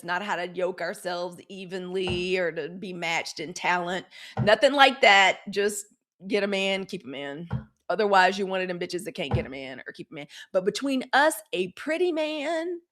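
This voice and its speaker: A woman's voice: medium pitch, fairly bright tone. A Gen X woman hosting a live news commentary show, talking candidly with profanity and acting out mock quotes. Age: 40s or 50s. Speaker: host.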